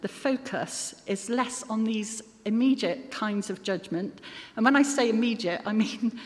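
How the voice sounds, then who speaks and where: A woman preaching a sermon in an earnest manner, with occasional self-deprecating asides. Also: mid-range voice. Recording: long hall reverb.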